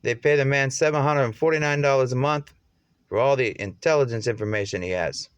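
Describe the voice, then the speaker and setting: A man's voice: medium pitch, brisk, clear, resonant tone, dry recording. A man delivering a rambling, profane monologue that jumps from topic to topic.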